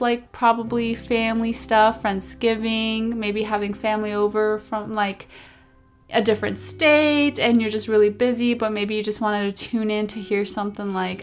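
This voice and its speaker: A young woman hosting her own podcast in a chatty, rambling, animated way, seated indoors at a podcast mic. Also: mid-range voice. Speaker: podcast host. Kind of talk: casual solo podcast talk.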